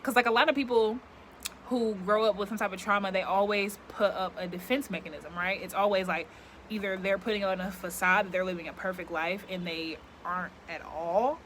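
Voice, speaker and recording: A young woman vlogger talks candidly to the camera outdoors with yard work going on nearby, rambling reflectively and using lots of filler words. Her voice is medium-pitched and a bit bright, with fairly even intonation and a brisk pace. There's slight background noise.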